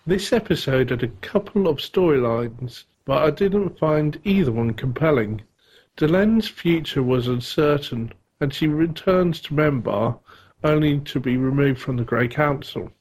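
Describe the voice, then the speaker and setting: A man co-hosting a podcast reads listener feedback aloud casually, chuckling often as he goes. His voice is a little high, a little slow, animated, slightly mellow, and husky.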